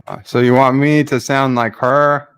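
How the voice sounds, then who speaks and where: A man's voice: medium pitch, little pitch movement, unhurried, a bit bright, smooth, no echo. A man chatting casually and joking in an online group call. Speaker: regular in an online pub chat.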